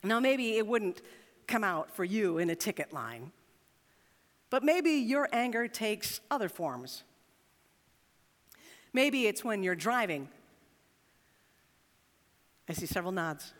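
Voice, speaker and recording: A woman pastor giving a sermon in a church, reading scripture and telling stories with expressive, dramatic delivery. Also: mid-range voice, takes it slowly, long pauses, big-room sound.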